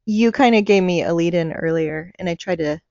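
Low-voiced woman asking prompting questions. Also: gravelly, a little mellow, no room sound. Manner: agreeable, quick to laugh, prompting questions. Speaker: podcast co-host. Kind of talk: casual chat. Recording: dry, dull lo-fi sound.

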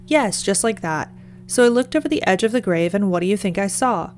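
A woman voicing an excited rustic gravedigger who eagerly tells a strange tale, in a storybook reading. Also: mid-range voice, fairly quick, slight background noise, lightly acted.

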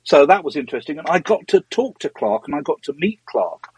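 A middle-aged man with a husky, slightly breathy voice tells stories as an interview guest. His talk drifts from one tangent to the next, full of ums and false starts. The sound is dry and close, with no room echo. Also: a little high, very animated, a little fast, darkish tone. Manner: rambling and digressive, with frequent ums and restarts. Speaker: interview guest, former magazine editor. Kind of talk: casual anecdotal storytelling.

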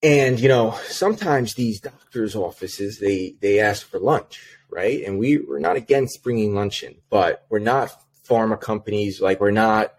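Chatty man telling a story, low voice. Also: measured pace, few pauses, slight background noise. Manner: animated, many fillers, acts out a phone call. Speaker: podcast guest, sales manager. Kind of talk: casual storytelling.

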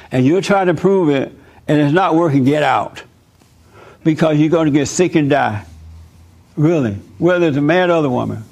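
An emphatic man talking to a room full of listeners in a fairly high voice. He preaches and jokes in turns and acts out the people in his stories. His delivery is lively and direct. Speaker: host speaking to a live group. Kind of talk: animated preaching talk with anecdotes.

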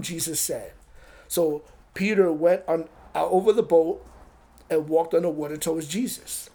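In a casual, conversational sermon, a man reads scripture aloud and breaks off for quick asides. His voice is a little high and mellow.

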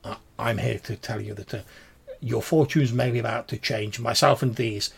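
A man voicing a nervous, pompous gentleman patron who stutters through grand old-fashioned speeches. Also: medium pitch, fairly even intonation, moderate pace, creaky, breathy edge.

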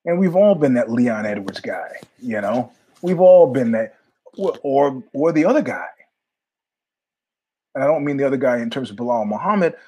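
Rambling husky-voiced male podcast host. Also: medium pitch, moderate pace. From New York. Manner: rambling, animated, jumps between tangents with asides. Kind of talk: casual monologue storytelling.

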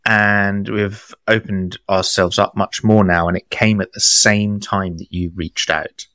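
A man co-hosting a podcast, moving between a read intro and lively casual chat, laughing often. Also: low voice, measured pace, dry recording. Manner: enthusiastic, laughs often, quotes himself in raised voice. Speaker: podcast co-host.

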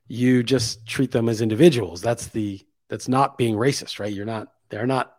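A man's voice: on the low side, a little mellow, dry recording, studio quality. A man hosting his own podcast, delivering a casual opinion monologue and thinking aloud, pushing his voice up to stress key points. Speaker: podcast host.

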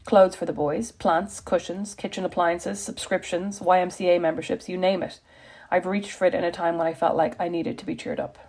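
Woman, wry confessional reader, husky with a bit of fry. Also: fairly low pitch, flat delivery, normal speed, darkish tone. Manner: wry, self-deprecating, confessional. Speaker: blogger reading her own post. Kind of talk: reflective personal reading.

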